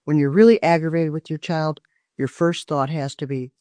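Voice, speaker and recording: A woman's voice: deep voice, steady tone, normal speed, mellow, dry recording. An older woman, a parenting expert guest on a podcast interview, giving earnest, emphatic advice and often restarting her sentences.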